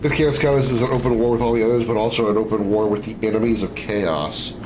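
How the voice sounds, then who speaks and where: A man's voice: lowish voice, fairly even intonation, fast talker, noisy background. A man casually commenting while streaming a game, rambling and offhand, now and then swearing.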